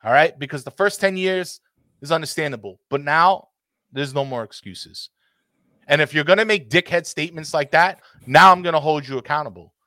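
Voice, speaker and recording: A man's voice: fairly high pitch, normal speed, sharp tone, no room sound, studio quality. A man hosting a casual football talk show, ranting passionately and swearing freely. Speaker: podcast host.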